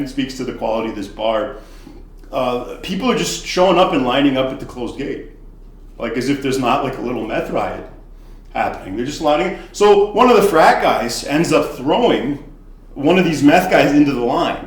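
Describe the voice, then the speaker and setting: Animated, profane male storyteller. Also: mid-range voice. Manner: animated, profane, swings between loud and hushed. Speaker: podcast storyteller, former bartender. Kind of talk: casual comedic storytelling. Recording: echoey room.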